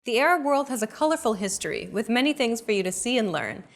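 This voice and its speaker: A woman's voice: a little high, sing-song, quick pace. Upbeat woman hosting a language lesson. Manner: upbeat, clear teaching delivery. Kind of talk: scripted instructional narration.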